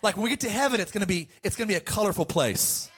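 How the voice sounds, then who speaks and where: A man preaching a sermon to a congregation, swinging between loud calls and quiet asides and asking for amens. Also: sits high, animated, rapid-fire, breathy edge.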